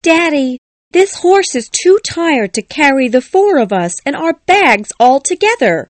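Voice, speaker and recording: A man's voice: very animated, measured pace, dry recording, full character voice. A man voicing a worried young girl who pleads earnestly in an audiobook. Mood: pleading. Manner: high, anxious and insistent. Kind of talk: audiobook character voice.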